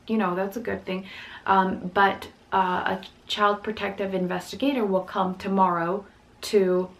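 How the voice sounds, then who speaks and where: A young mother of four with a medium-pitched voice tells an upsetting story to camera. She talks rapidly and rambles, restarting often and quoting other people's dialogue, and the audio is poor.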